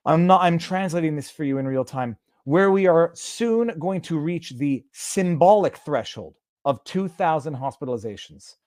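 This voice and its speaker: A man hosts a casual live stream, reading text aloud and translating it on the fly. His voice sits slightly high and his delivery is sarcastic. The sound is close and dry. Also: expressive, normal speed, a little mellow, no room sound. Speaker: host.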